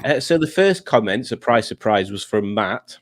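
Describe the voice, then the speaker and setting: A man's voice: fairly low pitch, sing-song, normal speed. A man hosting a casual chat show, reading out viewer comments and laughing often. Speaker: podcast host.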